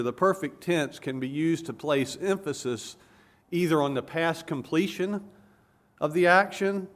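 A man preaches an expository sermon with earnest emphasis, stopping to explain points and correcting himself along the way. His voice is on the high side.

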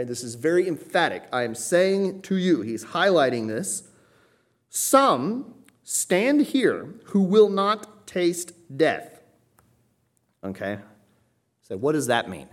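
A man preaching a sermon, explaining a passage verse by verse, often checking in with "okay?" and "right?" and stressing quoted scripture with raised emphasis. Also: mid-range voice.

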